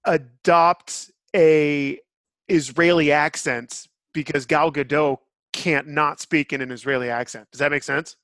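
A man's voice: a little high, fairly bright tone, no room sound, clean studio sound. A man hosting a podcast, giving blunt, opinionated reviews in casual chat. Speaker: podcast host.

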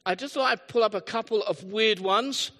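Bright-voiced pastor in a hall. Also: male voice, sits high, normal speed. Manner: chatty storytelling with asides and self-deprecating humor. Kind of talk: sermon. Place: church hall, live service. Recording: long hall reverb.

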